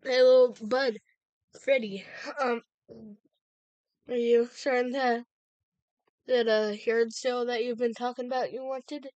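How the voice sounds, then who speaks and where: A woman acting out a toy game in a somewhat high voice. She talks slowly and haltingly, with lots of fillers between her words. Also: little pitch movement, darkish tone, dry recording, lo-fi sound.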